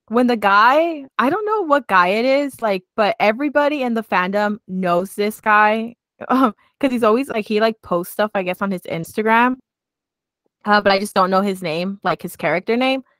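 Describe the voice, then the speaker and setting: A woman's voice: medium pitch, fairly bright tone, no echo. A woman co-hosting a podcast, chatting casually and giggling as she recaps a series, with lots of "like". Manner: chatty, giggly, heavy use of "like". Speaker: podcast co-host.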